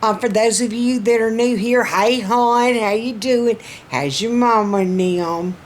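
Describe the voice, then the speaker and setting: A middle-aged woman with a warm Southern accent talks unhurriedly to her viewers, folksy and chatty, with many pauses and restarts. Her throat sounds strained as she goes on. A faint noise sits under the recording. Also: fairly high pitch. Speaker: vlogger. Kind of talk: casual personal update vlog.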